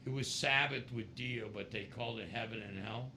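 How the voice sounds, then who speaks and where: A middle-aged man, a guest musician in a casual interview, tells stories with animation and acts out other people's voices. His pitch is medium and his pace moderate, with a noisy background behind him.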